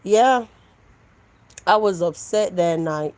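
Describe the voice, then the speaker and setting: Speaking slowly in a lowish voice, this Jamaican live stream host casually answers messages from her viewers over a rough recording. She stays animated throughout, responding directly to chat and putting on mocking voices.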